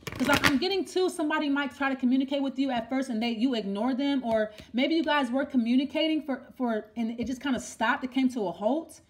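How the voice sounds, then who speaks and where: A woman's voice: high voice, a little fast, a little hiss or hum. A woman giving a tarot reading in a rambling monologue, thinking aloud, repeating herself and asking the cards questions. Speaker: tarot reader.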